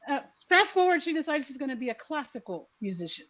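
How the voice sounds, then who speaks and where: Brief: middle-aged woman host, raised pitch, lively, salty anecdotes, somewhat dull recording. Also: fast talker. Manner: lively storyteller, swears freely. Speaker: podcast host. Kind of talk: casual chat.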